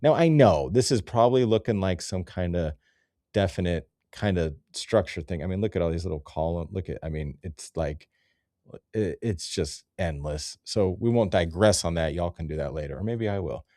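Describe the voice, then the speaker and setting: A man's voice: sits low, normal speed, dark tone, dry recording, studio quality. A man hosting a rambling, profane comedy commentary over nature photos, easily sidetracked and loose in his talk. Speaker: host.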